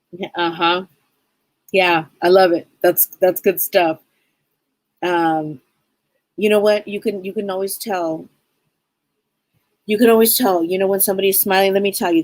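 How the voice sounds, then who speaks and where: A woman's voice: lowish voice, a little mellow, dry recording, low-quality recording. A woman hosting a casual live stream as a psychic, talking to viewers in an upbeat, rambling way and often repeating her phrases.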